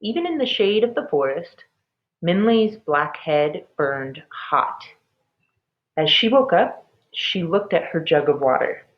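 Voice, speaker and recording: Slow, expressive woman reading a storybook. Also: sits low. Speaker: storybook reader. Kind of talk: reading a children's book aloud. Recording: dull lo-fi recording.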